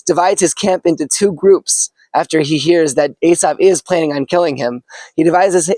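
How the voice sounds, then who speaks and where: A man giving an earnest, animated storytelling sermon. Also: fairly high pitch, dry recording, rough recording. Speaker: teacher giving a weekly Torah talk.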